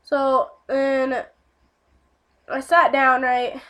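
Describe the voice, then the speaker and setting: A woman's voice: high voice, little pitch movement, drawn-out words, pushed and bright. A young woman telling a casual storytime vlog, rambling with lots of fillers and swearing.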